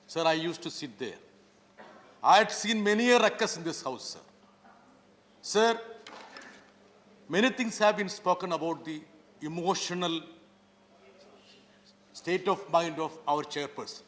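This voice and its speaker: A man speaks from the floor of a large parliament chamber, his voice pitched high and ringing bright. He drives each point home with emphatic, rhetorical questions. A long reverb carries his words through the hall. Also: a little slow, long pauses. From Kerala, India. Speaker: member of parliament.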